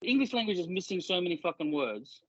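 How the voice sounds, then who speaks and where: A man's voice: high voice, sing-song, quick pace, crowd noise. A man co-hosting a casual podcast, rambling and swearing often while laughing easily. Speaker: podcast co-host. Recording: dry, dull lo-fi sound.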